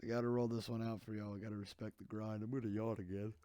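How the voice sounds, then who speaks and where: A man's voice: lowish voice, little pitch movement, fast, dark tone, no echo, studio quality. Sleepy rambling man, podcast. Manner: rambling, candid, jokey. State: sleepy, yawning. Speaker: podcast host. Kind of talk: casual solo podcast chat.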